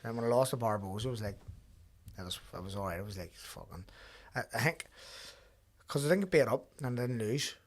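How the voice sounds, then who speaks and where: Fast-talking man. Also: medium pitch, expressive. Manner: rapid, swearing, storytelling with quoted asides. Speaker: podcast host, professional boxer. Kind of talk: casual chat.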